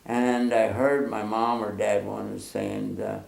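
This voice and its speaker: An older man from the northern United States, casually telling a childhood story, animated and laughing often as he acts out the voices in it. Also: fairly low pitch, unhurried, creaky, few pauses, echoey room.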